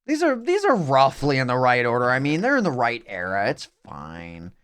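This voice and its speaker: A young man talking over his live game stream, his pitch swinging widely as he rambles from one thought to the next. His voice is smooth and clear, and he keeps slipping in wry, self-mocking asides. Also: wildly swooping pitch, moderate pace, a bit bright.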